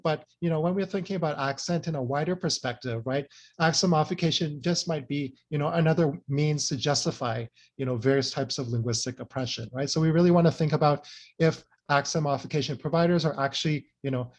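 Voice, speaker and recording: A man with a mid-range voice gives an academic presentation, explaining his points earnestly and frequently checking in with tags like "right?" and "you know."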